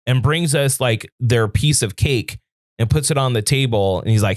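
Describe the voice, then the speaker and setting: A man's voice: medium pitch, moderate pace, dry recording, clean studio sound. A man co-hosting a podcast, telling a story with lots of swearing and acting out his own angry rants. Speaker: podcast co-host. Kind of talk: casual chat.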